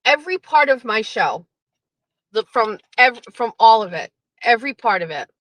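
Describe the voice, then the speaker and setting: A woman's voice: fairly high pitch, normal speed, dry recording, poor audio. A woman hosting her own stream, ranting about online drama with heavy swearing and mocking impressions of other people. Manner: profane, animated, mocking impressions. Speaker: streamer host. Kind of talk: ranting commentary.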